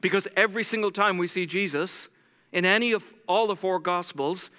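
A man's voice: high voice, brisk, pushed and bright, clear, resonant tone, big-room sound. A man preaching a sermon as pastor, telling stories dramatically and acting out the voices of the people in them.

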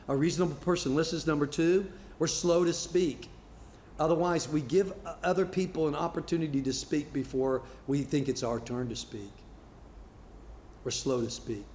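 A man's voice: on the high side, darkish tone, echoey room, slight background noise. A middle-aged man preaching a sermon as pastor, talking in a conversational way, often repeating words and acting out quotes. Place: church sanctuary.

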